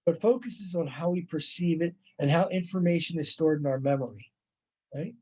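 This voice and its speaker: Chatty lecturer, slightly high male voice. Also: moderate pace, slightly rough, low-quality recording. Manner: conversational, with frequent "right?" check-ins and playful acted-out examples. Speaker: college instructor. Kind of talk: recorded classroom lecture.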